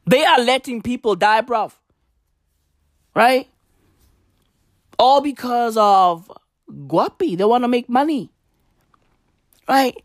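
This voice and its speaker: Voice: medium pitch, dry recording, studio quality. A vlogger from Africa, ranting casually to camera in a profane, emphatic way and repeating points for effect. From South Africa.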